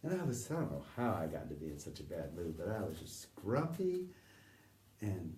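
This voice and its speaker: A middle-aged man recounting memories in a halting, conversational way, often acting out the voices he quotes and sometimes dropping to a near whisper. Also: deep voice, big pitch swings, mellow. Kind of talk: conversational anecdote telling. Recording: distant roomy recording with faint ambience.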